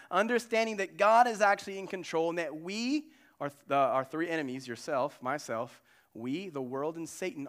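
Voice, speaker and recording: A male pastor delivering a sermon in a relaxed, chatty manner, dropping slang and playful asides as he explains the text. His voice sits a little higher than most men's. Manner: casual, conversational preaching with slangy asides and acted quotes.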